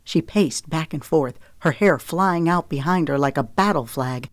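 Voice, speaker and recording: Woman reading an audiobook, lowish voice, dry booth sound, steady storytelling. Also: a little slow, no room sound. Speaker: audiobook narrator. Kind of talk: scripted narration.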